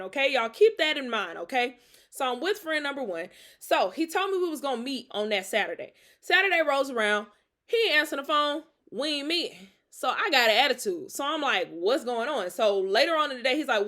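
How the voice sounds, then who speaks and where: Animated woman telling a storytime tale. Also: sits high. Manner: animated, laughs often, talks straight to the audience. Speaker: host. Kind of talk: casual storytime.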